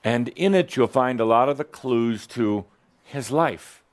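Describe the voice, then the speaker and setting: A man's voice: medium pitch, unhurried. A man giving a playful, provocative spiritual teaching talk to a live audience in a workshop room, laughing often.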